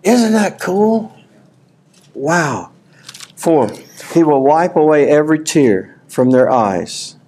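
A man preaching a sermon at a conference, folksy and animated, reading scripture aloud and rising to shouts. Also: a little high, takes it slowly, pauses often. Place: conference hall.

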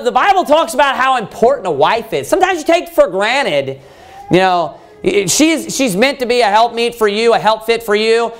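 A man preacher giving a verse-by-verse sermon, animated and conversational, often restarting his sentences. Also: high voice. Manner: animated, with frequent restarts and rising emphasis.

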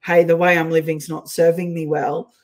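A woman's voice: deep voice, level tone, normal speed, low-quality recording. A woman with an Australian accent, hosting an interview in a chatty, playful way and laughing often. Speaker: host. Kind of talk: casual interview chat.

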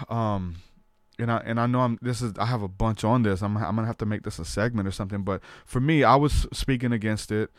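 A man speaking as a podcast host, recounting a personal story in an earnest, conversational way. His pitch sits in an ordinary middle range for a man. The sound is dry and close, with no room echo. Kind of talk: personal testimony in casual talk.

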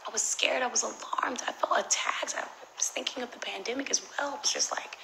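A young woman telling a story on a phone livestream, animated and profane, swinging between loud outbursts and whispered asides. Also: on the high side, quick pace, gravelly, poor audio. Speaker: social media personality on a livestream.

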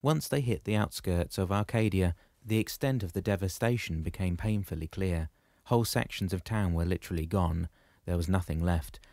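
A man narrates a novel in a steady, measured way. His voice sits low. The recording is close and dry. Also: no room sound. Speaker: audiobook narrator. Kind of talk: scripted narration.

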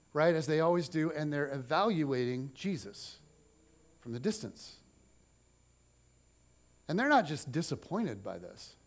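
A man preaching a sermon as pastor, telling the story in an animated way and acting out its scenes. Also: a little high.

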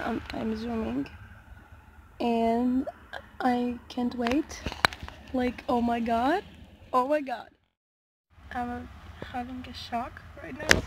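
Slow, gushing teenage girl vlogging. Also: a little high, noisy background. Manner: gushing, repeats herself, halting. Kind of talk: casual excited vlog. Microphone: phone.

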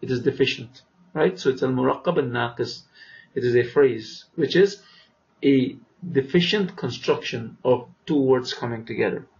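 A man teaching vocabulary, who says each word slowly twice, explains it, and often checks with "right?". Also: medium pitch, vocal fry, darkish tone. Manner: asks "right?" to check understanding. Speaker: Arabic teacher. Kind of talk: vocabulary lesson. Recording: dull lo-fi recording.

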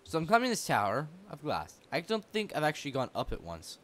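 A man's voice: a little high, wildly swooping pitch, brisk, a bit bright. A young man hosting a game playthrough, teasing his partner, swinging from mumbles to yelps, on a desk mic with no pop filter. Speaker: let's play host. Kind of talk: casual gameplay commentary. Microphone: desk mic without pop filter.

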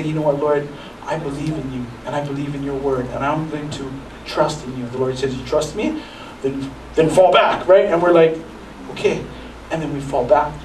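High-voiced pastor preaching in echoey hall. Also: male voice, a little mellow, distant mic, slight background noise. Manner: conversational preaching with many restarts and acted asides. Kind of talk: sermon. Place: church sanctuary.

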